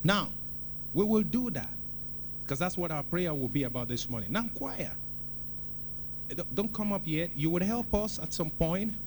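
A man preaching a sermon in a church, talking in an animated, conversational way and repeating phrases for emphasis. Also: fairly high pitch, normal speed, long pauses, a little hiss or hum. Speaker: pastor.

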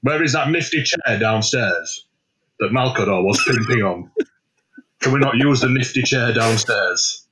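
Stern warrior captain played by a man, gruff, lively delivery, faint noise behind. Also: medium pitch, measured pace, rough recording. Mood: indignant. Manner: stern, mock-serious.

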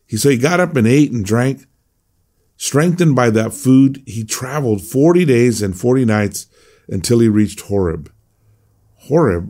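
A man's voice: lowish voice, vocal fry, warm tone, slightly rough. A man teaching a devotional Bible message as a pastor, earnest and repeating phrases for emphasis.

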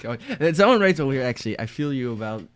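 A man's voice: mid-range voice, big pitch swings, very fast, smooth, dry recording, clean studio sound. A man co-hosting a casual talk show, reading viewer comments aloud with amused chuckles.

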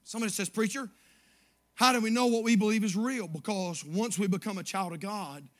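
A man preaching a sermon as pastor, moving from quiet storytelling to shouted praise. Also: high voice, a little fast.

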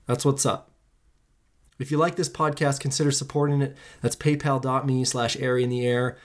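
A podcast host delivering an impassioned solo monologue, emphatic and preachy. The host repeats phrases for effect, swears casually, and swings widely in pitch and pace between lines. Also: level tone, moderate pace.

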